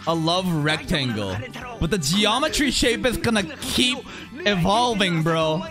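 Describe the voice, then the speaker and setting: A man streams his reaction to an anime, swearing freely and breaking into sudden shouts. His pitch leaps and dives constantly as he talks. Faint music from the show plays underneath. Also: very animated, measured pace. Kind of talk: live anime reaction commentary.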